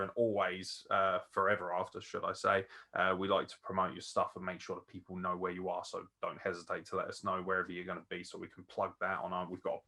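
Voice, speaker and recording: A man's voice: on the low side, sharp tone. A man hosting a podcast interview, chatty and enthusiastic, swearing casually. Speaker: podcast host.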